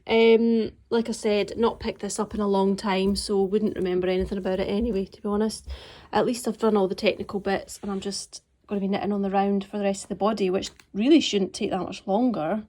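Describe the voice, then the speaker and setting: Scottish woman at a mid-range pitch, casual crafting chat, meandering delivery full of ums and quiet asides. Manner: rambling and unhurried, frequent ums, drops into soft murmured asides. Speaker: craft vlogger. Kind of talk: casual chat showing knitting projects.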